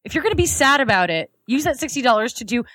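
A woman's voice: sits high, sing-song, quick pace, fairly bright tone, no room sound, low-quality recording. Emphatic woman, dry close sound. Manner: emphatic, blunt. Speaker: podcast co-host. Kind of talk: casual chat.

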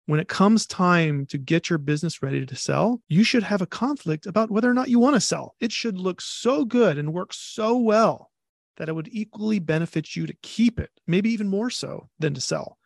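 Man, Ohio accent, chatty, gravelly, dry recording. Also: high voice, normal speed, no echo. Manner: chatty, laughs easily. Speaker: podcast co-host. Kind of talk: podcast interview.

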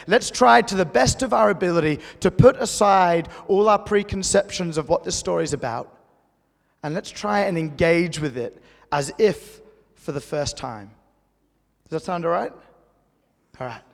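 Male pastor, high gravelly voice, casual animated sermon delivery, long church reverb. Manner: conversational, animated storytelling preacher.

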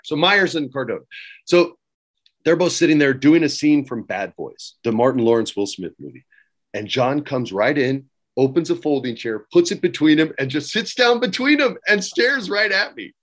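A middle-aged man telling stories as a guest, lively and laughing as he acts out quoted lines. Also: on the high side, normal speed. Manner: laughs often while talking. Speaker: guest recalling work as a wrestling writer. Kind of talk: casual anecdote-telling.

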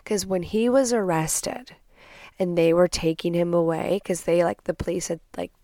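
Animated, profane young woman telling a story. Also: lowish voice, normal speed, no room sound, studio quality. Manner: animated, profane, dramatic retelling. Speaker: podcast host. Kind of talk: casual storytime monologue.

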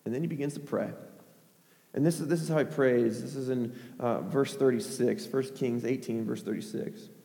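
A man preaching a sermon, retelling a Bible story in a lively way with frequent "right?" asides and a hush for quoted lines. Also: mid-range voice, moderate pace, gravelly. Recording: echoey hall with long reverb.

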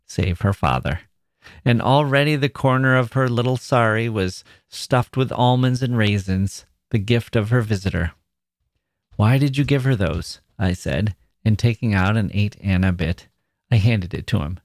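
A man, a podcast host, reading a classic short story aloud in a measured storytelling manner. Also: fairly low pitch, no echo, studio quality. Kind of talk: literary reading.

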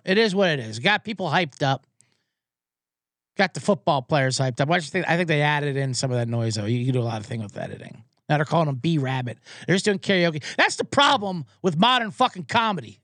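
Fired-up, high-voiced male podcast host. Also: bright, forceful tone, no room sound, clean studio sound. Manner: profane, fired-up ranting. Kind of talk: comedic sports rant.

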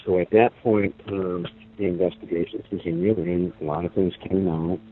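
A man's voice: low-pitched, steady tone. Grandfather on a tinny phone line. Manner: halting, many fillers, acts out quotes. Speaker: interview guest, grandparent. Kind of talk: emotional phone interview. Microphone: phone call.

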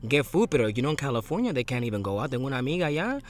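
A man co-hosting a casual chat podcast, telling stories in an animated, dramatic way. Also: mid-range voice, racing. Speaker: podcast co-host.

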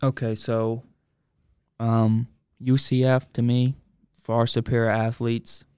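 A man co-hosting a casual sports betting chat, laid-back and stats-driven, pausing often with fillers. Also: mid-range voice, little pitch movement, mellow, smooth, dry recording, clean studio sound.

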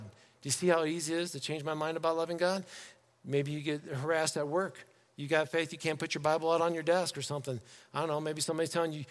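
A man preaching a sermon to his congregation in a church, in a conversational, animated way, slipping into quoted voices. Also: on the high side, quick pace, in a large hall. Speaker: pastor. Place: church sanctuary.

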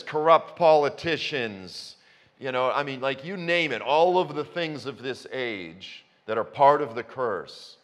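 A man in his fifties preaching a sermon, telling stories with self-mocking humor and breaking into sudden high outbursts. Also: fairly bright tone. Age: 50s. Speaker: pastor. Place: church sanctuary. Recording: long reverb of a church hall.

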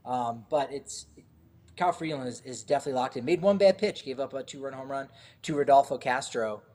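Male co-host for a sports podcast, loose and rambling, mid-pitched. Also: brisk. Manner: relaxed, rambling with many fillers and restarts. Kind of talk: casual sports podcast chat.

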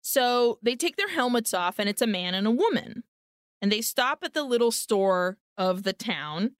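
A woman's voice: a little high, very animated, moderate pace, clear, resonant tone, no echo, studio quality. A woman co-hosting a podcast, animatedly retelling a film's plot and acting out the characters' lines. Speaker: podcast co-host. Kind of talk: casual film recap chat.

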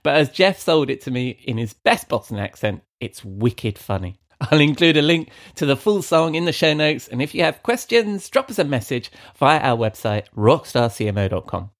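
A man's voice: fairly high pitch, lively intonation, moderate pace, hardly any pauses. A man hosting a podcast in casual, jokey chat, laughing often and calling his co-host mate.

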